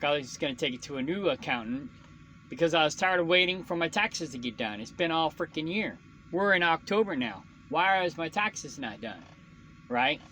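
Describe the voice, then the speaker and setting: A frustrated man rants to his camera in a casual, swearing monologue. His voice sits a bit high and sounds bright and tense. A faint noise hums under the recording. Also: rough recording. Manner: frustrated, ranting, swears often. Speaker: truck driver vlogger.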